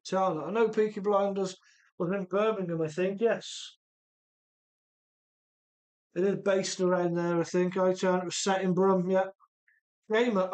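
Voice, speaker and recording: A man's voice: high-pitched, a little mellow. Casual streamer host, male, Midlands-Welsh blend of accent, easygoing chat read straight off the comments. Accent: mix of English Midlands and Welsh. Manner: chatty, reads viewer comments aloud while rebuilding an RC car. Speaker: livestream host.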